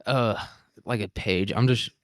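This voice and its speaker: A man's voice: fairly low pitch, measured pace, no room sound. A young man hosting a casual, crude comedy recap of a story at home, joking a lot, laughing and saying "dude.". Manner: crude joking, says 'dude' a lot, laughs at own jokes. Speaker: host.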